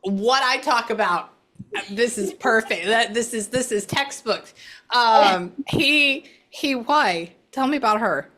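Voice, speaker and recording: A woman psychic medium giving a casual reading, animated and blunt, swearing freely as she relays messages. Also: on the high side, takes it slowly.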